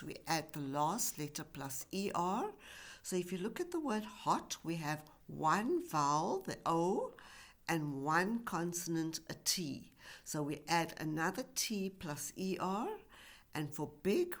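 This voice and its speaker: Woman teacher going over grammar slow and careful, drawing out the example words, voice goes up and down a lot. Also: fairly low pitch. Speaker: English teacher. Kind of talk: recorded grammar lesson. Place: university e-learning course.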